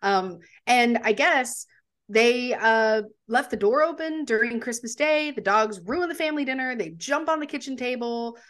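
A woman co-hosting a casual movie discussion podcast, animated and laughing often. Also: fairly high pitch, moderate pace. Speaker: podcast co-host.

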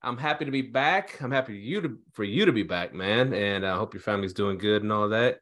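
A man hosting a casual podcast, relaxed and jokey, laughing often. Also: on the low side, brisk. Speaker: podcast host.

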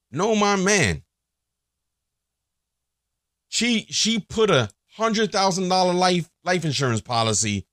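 A man's voice: on the high side, a bit bright, dry recording, studio quality. A man hosting a casual solo podcast, crude and joking, rambling with lots of fillers and restarts. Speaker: podcast host.

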